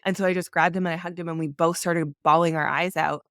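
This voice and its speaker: Smooth-voiced woman, earnest and heartfelt. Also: fairly low pitch, level tone, quick pace, a bit bright, dry recording, clean studio sound. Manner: earnest and emotional, many "like" fillers. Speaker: podcast guest, mother. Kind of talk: candid conversational interview.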